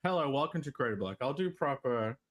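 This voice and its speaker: A man's voice: mid-range voice, lively intonation, a little fast, crowd noise. A man hosting a casual podcast stream, joking around while fiddling with his mic and sound mixer. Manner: joking, fiddling with audio gear. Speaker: podcast host. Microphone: desk mic through a sound mixer.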